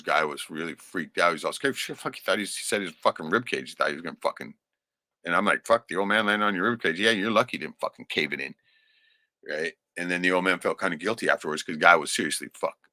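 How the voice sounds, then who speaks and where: A man's voice: low-pitched, sharp tone, no echo, clean studio sound. A middle-aged man telling stories from his life in a rambling, profane way, often ending lines with "right?". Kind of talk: casual storytelling.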